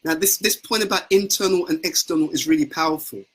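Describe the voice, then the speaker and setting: A man's voice: fairly high pitch, fast, slight background noise, rough recording. A man giving an earnest devotional talk as a spiritual teacher, often repeating words as he searches for phrasing. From United Kingdom.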